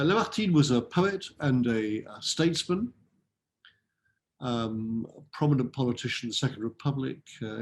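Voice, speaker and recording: A man giving a school talk on French literature, reading French verse and translating it line by line, lifting his voice on the verse. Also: mid-range voice. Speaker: literature lecturer. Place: school event hall.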